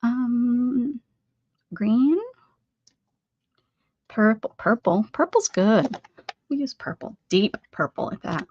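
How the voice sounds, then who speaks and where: A woman's voice: a little high, lively intonation, takes it slowly, pauses often, darkish tone. A woman hosting an art livestream, chatting casually and muttering to herself while she crafts. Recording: dull lo-fi audio with faint noise.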